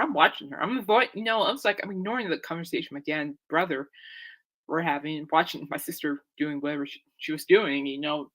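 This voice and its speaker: With a lowish, fairly bright voice, a young show host spins a rambling, laugh-filled story, acting out people's words as she chats casually.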